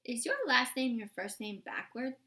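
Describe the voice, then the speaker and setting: A woman voicing a quiet, weak teenage boy who speaks slowly. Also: on the high side, echoey room, voice pushed up.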